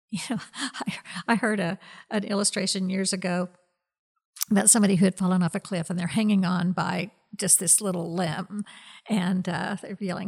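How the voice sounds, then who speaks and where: Speaking at a medium pitch with a flat delivery, a woman who leads a ministry offers a sincere faith testimony in an interview. Her pace is slow and halting, full of fillers and gentle, breathy stretches.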